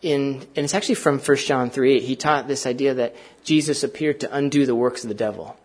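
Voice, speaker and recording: A man's voice: medium pitch, brisk, slightly rough. A male pastor preaching a sermon in a conversational, earnest way, often asking the congregation questions and using fillers.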